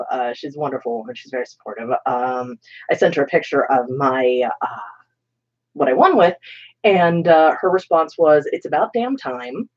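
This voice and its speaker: A woman with a grainy voice, chatting casually and joking with plenty of fillers as co-host while crafting. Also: deep voice. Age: adult with children. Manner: rambling, joking, many fillers. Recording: slightly muffled stream audio.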